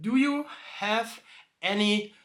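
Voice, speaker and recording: A man voicing a stubborn male horse who repeats the same question slowly and flatly. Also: sits high, voice pushed up. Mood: insistent. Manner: slow, flat, repetitive asking.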